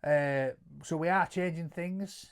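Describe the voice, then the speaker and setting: A middle-aged man with a Yorkshire accent telling stories in casual chat, animated, stumbling over repeated words and loudly acting out quotes. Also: on the high side, slow, smooth. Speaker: co-host answering viewer questions.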